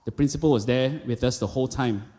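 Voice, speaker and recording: Malaysian pastor preaching in a big hall. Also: male voice, mid-range voice, quick pace, warm tone. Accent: Malaysian English. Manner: storytelling with quoted voices, conversational asides. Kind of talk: sermon. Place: church auditorium. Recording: long reverb of a large hall.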